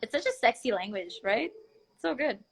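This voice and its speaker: A woman's voice: fairly high pitch, animated, moderate pace, vocal fry, breathy edge. A young Brazilian woman whose first language is Portuguese, hosting a casual livestream chat in English over a video call, bubbly and giggly. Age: young adult. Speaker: livestream host.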